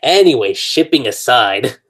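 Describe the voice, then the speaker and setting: Man, podcast host, casual anime chat, laughs a lot, acts out lines, middle pitch. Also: lively intonation, unhurried, a bit bright, husky. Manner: chatty, laughs often, acts out character lines.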